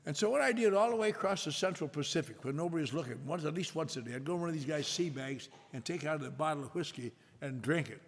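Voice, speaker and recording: Gravelly older man telling a story wryly. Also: on the high side, animated. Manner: wry, self-mocking, drawn-out delivery. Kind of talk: storytelling talk to an audience. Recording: echoey hall with faint noise.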